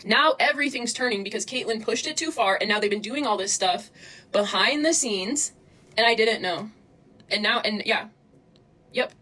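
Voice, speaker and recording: A woman's voice: medium pitch, fairly bright tone, poor audio. A young woman venting to her chat on a livestream, agitated and swearing heavily as she talks to viewers.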